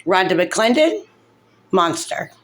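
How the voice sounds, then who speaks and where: Speaking slowly in a lowish, sing-song voice that's a bit bright, a mother involved in a custody dispute vents her grievances on a vlog. She sounds upset and tearful, wandering through her thoughts with many fillers.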